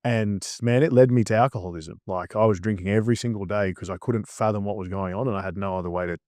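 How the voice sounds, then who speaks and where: A man's voice: lowish voice, fast, darkish tone, no echo. An Australian man, a guest, talking bluntly and swearing freely in a casual interview.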